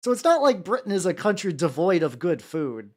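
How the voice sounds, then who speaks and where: A streamer at a home desk mic, talking in a loose, rambling way, full of fillers and the odd curse word. The pitch swings lively up and down. They keep stopping to greet the chat by name. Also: a little fast. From United States. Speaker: VTuber streamer. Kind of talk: casual live-stream chat.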